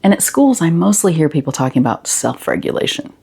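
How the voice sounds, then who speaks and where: Low gravelly-voiced woman teaching. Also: sing-song, fairly quick. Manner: gentle, explaining, asks the listener questions. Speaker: educator and consultant. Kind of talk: presentation talk to educators.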